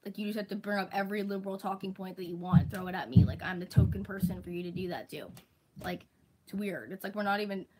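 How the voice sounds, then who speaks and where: Young woman vlogger, mid-pitch, venting to camera: exasperated, profane, filler-heavy, with mocking impressions of critics. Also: fast talker, darkish tone, a little hiss or hum, rough recording. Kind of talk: casual ranting monologue.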